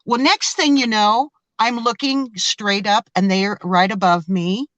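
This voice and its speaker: A woman guest telling a story in a casual interview, animated and excitable, often restarting and stammering. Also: mid-range voice, measured pace, no echo, low-quality recording.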